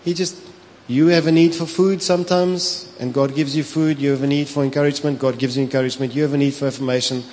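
A pastor with a South African accent, preaching a sermon, telling stories with animation, slipping into Afrikaans and laughing often. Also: male voice, mid-range voice, steady tone, quick pace, few pauses, darkish tone. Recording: long hall reverb with faint ambience.

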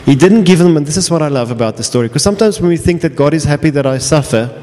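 A man's voice: a little high, lively intonation, racing, warm tone, slight background noise. A man preaching a sermon as pastor, earnest and often restarting his phrases. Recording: long reverb of a large hall.

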